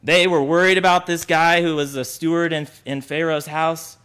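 A man preaching a sermon, lively and animated, acting out the voices of the people he quotes. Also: a little high, moderate pace, smooth. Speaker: pastor.

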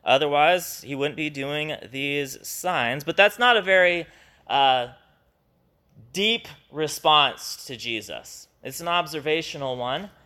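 A man's voice: on the high side, takes it slowly. A man leading a Bible study, explaining a passage in an earnest, conversational way and acting out the quotes he reads. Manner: earnest, animated when quoting scripture.

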